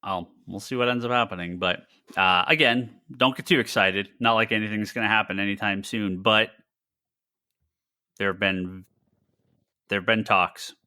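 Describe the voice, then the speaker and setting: A man co-hosting a casual podcast chat, rambling and restarting his sentences with excitement. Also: lowish voice, moderate pace, no room sound, clean studio sound. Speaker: podcast co-host.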